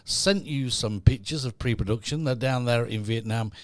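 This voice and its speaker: A man's voice: medium pitch, moderate pace, no echo. Man, podcast host, chatty, greets viewers one by one, dry studio sound. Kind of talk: casual live-stream chat.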